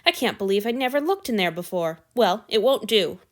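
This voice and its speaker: A woman's voice: mid-range voice, lively intonation, brisk, natural voice. A woman voicing a brusque but caring male god in a fan fiction reading, with a blunt, curt, exasperated way of talking.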